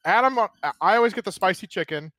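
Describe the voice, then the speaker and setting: A man telling a rambling, profane story in casual chat, animated and laughing. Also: high voice, quick pace, no echo.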